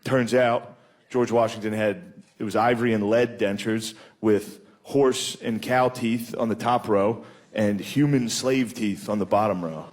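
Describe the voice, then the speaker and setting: A man's voice: on the low side, steady tone, unhurried. A male stand-up comedian ranting in disbelief, with plenty of swearing. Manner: incredulous, profane rants. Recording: noisy live recording.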